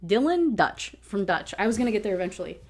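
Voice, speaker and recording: Brief: woman book reviewer, casual rant, swears freely, exasperated and animated, mid-range voice. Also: medium pitch, fast.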